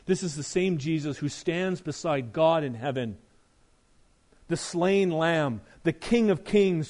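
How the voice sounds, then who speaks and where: Middle-aged pastor guy preaching, punchy rhetorical questions, slightly high voice. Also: animated, slow. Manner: emphatic, rhetorical questions, drops to soft earnest tone. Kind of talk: sermon.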